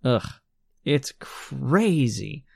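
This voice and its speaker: A man's voice: medium pitch, very animated, drawn-out words, vocal fry, breathy edge, dry recording, studio quality. A man hosting a casual gaming podcast, explaining things at length with enthusiasm. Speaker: podcast host.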